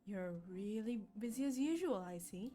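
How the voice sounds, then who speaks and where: Ageless vampire gent, low and unhurried, voiced by a woman streamer, lively lilt underneath. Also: soft background music, lightly acted. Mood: aloof. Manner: measured, dry, aloof. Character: suave ageless male vampire model, calm. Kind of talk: streamer voicing game dialogue.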